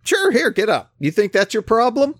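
A man preaching who voices Jesus as a brisk healer, speaking up high and emphatically. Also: expressive, no room sound, clean studio sound. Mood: challenging. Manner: raised, emphatic, questioning delivery.

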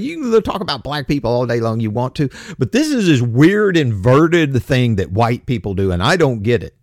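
A man's voice: on the high side, no room sound, clean studio sound. A man ranting in opinion commentary, blunt, profane and sarcastic.

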